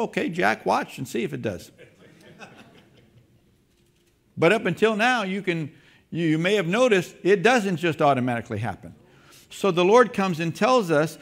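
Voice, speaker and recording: Animated preaching pastor, man. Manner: animated preaching, rising in pitch and volume; drops into a low, quiet voice when speaking for God or telling a story. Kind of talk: sermon. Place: church sanctuary.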